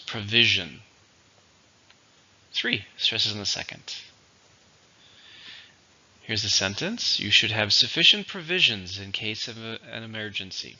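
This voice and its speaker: Bright-voiced man teaching vocabulary. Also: fairly low pitch. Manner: slow, patient, explanatory. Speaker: English teacher. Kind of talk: vocabulary lesson. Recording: dull lo-fi recording.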